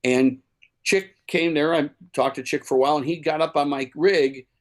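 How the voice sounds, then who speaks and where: A man's voice: a little high, fairly even intonation, moderate pace. A man from Chicago, a musician guest, telling stories in a casual interview with many fillers and restarts.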